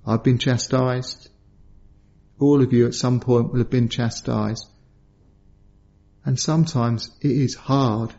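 A middle-aged man preaching a sermon, telling a personal story in earnest and lifting his voice high when he acts out quotes. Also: fairly even intonation, slow pace, vocal fry, pauses often, mellow, dull audio.

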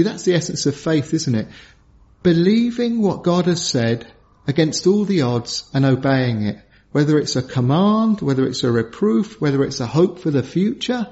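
Male preacher, high voice, earnest, leans on key words; dull lo-fi recording. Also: darkish tone. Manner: earnest, slows down for emphasis. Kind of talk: sermon. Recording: dull lo-fi sound.

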